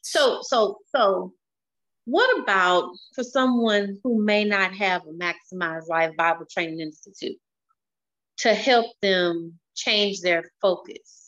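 A woman's voice: medium pitch, takes it slowly, fairly bright tone. A woman host asking interview questions, hesitant and restarting as she feels her way in. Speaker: podcast host. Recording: dull lo-fi sound.

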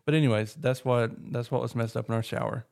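Deadpan gravelly man. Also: mid-range voice, quick pace. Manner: flat, deadpan delivery that sounds sarcastic. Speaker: podcast co-host. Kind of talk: casual chat.

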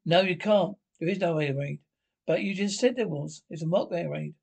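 A man in a 1970s British comedy film, blustering through army dialogue and shouted orders, with a British accent. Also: on the high side, normal speed, vocal fry, slightly rough.

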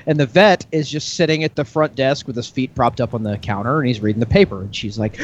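Higher-voiced man telling a long joke. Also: animated, highs cut off. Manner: drawn-out storyteller, acts out characters. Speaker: podcast co-host. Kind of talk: casual chat, joke telling.

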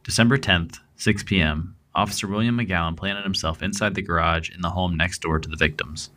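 A man's voice: low voice, a little fast. A man co-hosting a true crime podcast, reading out a case and then chatting about it with fillers and a laugh in his talk. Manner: relaxed, thinking aloud with fillers. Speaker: podcast co-host. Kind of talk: true crime narration and chat.

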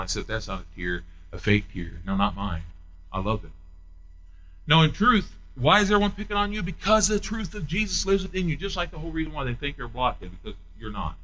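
A man preaching a sermon, repeating his phrases and swinging between emphatic peaks and quiet low asides. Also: low-quality recording. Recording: loud mains hum under the voice.

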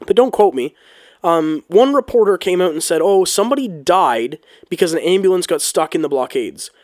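A man's voice: a little high, darkish tone, no echo, clean studio sound. A man giving a heated, casual opinion monologue on politics, swearing often and restarting his sentences. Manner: heated, ranting, swears, frequent restarts and ums. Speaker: political commentator.

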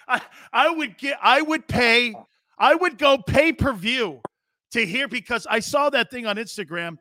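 Excitable high-voiced male sports talk host. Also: slow, long pauses, no room sound, clean studio sound. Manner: excitable, laughs loudly, repeats himself. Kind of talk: casual chat.

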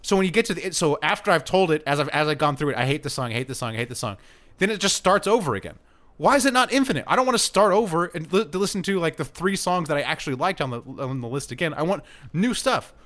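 A man's voice: fairly high pitch, expressive, fast, fairly bright tone. A man co-hosting a podcast, ranting in casual, profane banter. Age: adult, married. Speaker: podcast co-host.

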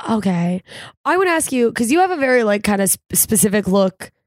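A woman's voice: medium pitch, big pitch swings, a little fast, no echo, studio quality. A woman hosting a casual chat, asking questions and reacting with encouraging interjections.

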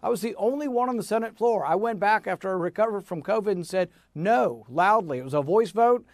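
A man speaking as a senator in an interview, telling his story in an emphatic, animated way. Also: sits high, brisk, no room sound, studio quality. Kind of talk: interview answer.

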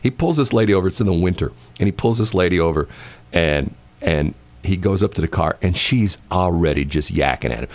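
A low, gravelly man in casual talk, his pitch swinging widely as he rambles. He leans on "you know" and "I mean" and acts out quoted voices in his stories. A faint hum sits behind him. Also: lively intonation, fairly quick, a little mellow. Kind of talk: casual chat.

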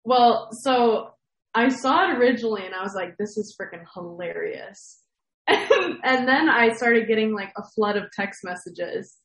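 A woman's voice: fairly high pitch, lively intonation, normal speed, a bit bright. A young woman, an athlete, chatting casually in an interview, with lots of fillers and easy laughter. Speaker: athlete guest. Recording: echoey room.

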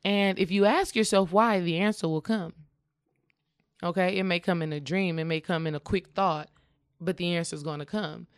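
A woman's voice: on the low side, normal speed, dry recording, studio quality. A woman in casual conversation, earnestly sharing her own experience and coaching the listener, often checking in with "okay?". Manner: acts out quoted dialogue in lively voices.

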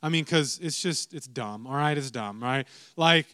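A man's voice: mid-range voice, moderate pace, fairly bright tone, dry recording. A young adult man preaching a sermon, telling a story with lots of repeated asides to the listeners. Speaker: pastor.

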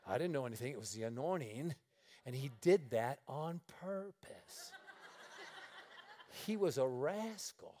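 A middle-aged man preaching, telling lively stories and laughing his way through them. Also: on the high side, moderate pace. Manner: animated storyteller, laughing through his anecdotes. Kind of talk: storytelling sermon.

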